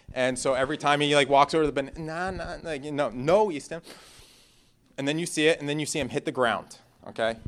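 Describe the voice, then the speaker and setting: A young man who is a pastor, preaching in a conversational, animated way, telling personal stories and moving between loud and hushed passages. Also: mid-range voice.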